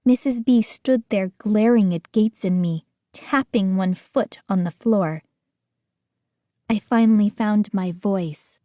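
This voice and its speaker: A woman's voice: mid-range voice, slow, dark tone, dry recording, clean studio sound. A woman narrating an audiobook as scripted story narration, acting out a frightened young narrator and the other characters.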